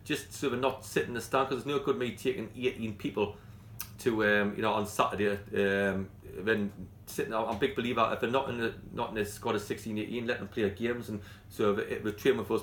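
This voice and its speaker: Blunt, passionate Geordie football manager. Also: male voice, on the low side, steady tone, fairly quick, a bit bright, roomy sound, slight background noise. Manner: blunt, passionate, rambling with restarts. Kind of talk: post-training interview.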